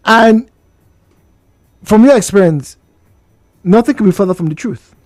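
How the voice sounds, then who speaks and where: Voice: mid-range voice, unhurried, no echo, faint music behind. A radio talk show host, pressing the guest with questions and restarting sentences, in a studio. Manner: animated, probing, hesitant restarts. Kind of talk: live radio discussion.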